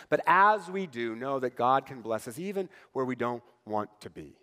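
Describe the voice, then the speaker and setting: A middle-aged man preaching a sermon as pastor, talking conversationally and animatedly, asking the congregation "right?" often. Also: a little high. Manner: conversational, animated, acts out quoted voices. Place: church sanctuary. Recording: long church hall reverb.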